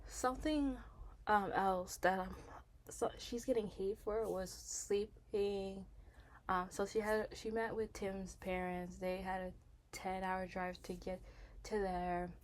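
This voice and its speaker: A woman giving casual commentary on a reality show, rambling and animated, with frequent restarts and fillers and rising emphasis when indignant. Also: medium pitch. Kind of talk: casual opinion vlog.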